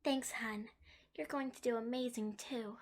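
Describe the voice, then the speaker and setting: A woman doing a young mime with a gravelly edge. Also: on the high side, fairly even intonation, measured pace, pitched above the performer's own voice. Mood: sweet. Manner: sweet, then quiet menacing whisper. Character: young woman mime turned menacing killer. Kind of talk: amateur voice drama.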